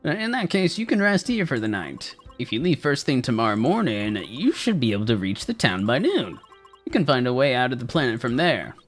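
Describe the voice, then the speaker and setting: A man voicing a kindly old grandmother with a tender, gentle manner while playing through a game. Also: mid-range voice, very animated, brisk, soft background music, voice pushed up. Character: kindly old grandmother who raises the hero.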